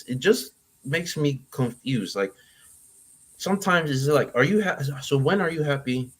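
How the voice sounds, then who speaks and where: A young man, a guest on a talk show, giving advice to parents in a halting, rambling way, with many restarts. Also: a little high, animated. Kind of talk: casual chat, giving advice.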